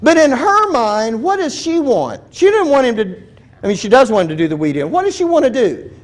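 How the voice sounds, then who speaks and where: A man teaching a Bible study in a relaxed, conversational way, telling humorous stories, restarting his sentences and putting questions to his listeners. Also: very high voice, brisk. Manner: chatty, restarts sentences, asks the audience questions; humorous storytelling.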